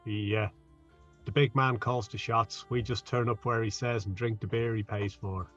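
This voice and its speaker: A man's voice: on the low side, steady tone, normal speed, fairly bright tone, highs cut off, soft background music. A man doing an easygoing space traveller. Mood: laid-back. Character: laid-back male space traveller, hired muscle.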